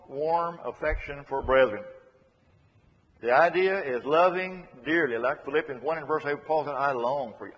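A man preaches a sermon with a slightly raised, husky voice that swings widely in pitch, repeating phrases and dropping to a hush for emphasis. The lo-fi recording carries a long reverberant tail from a large hall. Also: unhurried. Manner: emphatic, repeats key phrases, shifts between loud and hushed.

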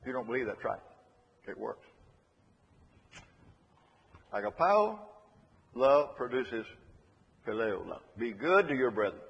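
A man's voice: mid-range voice, very animated, unhurried, vocal fry, long pauses, husky. A man preaching a sermon in an earnest, emphatic way, repeating his key phrases to drive them home. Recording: echoey hall, dull lo-fi sound.

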